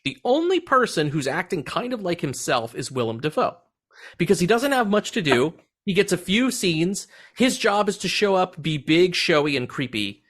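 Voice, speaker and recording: A man's voice: sits high, fairly bright tone. A man hosting a movie podcast, chatting casually and animatedly, swearing now and then and laughing often. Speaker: podcast host. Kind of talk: casual movie review chat.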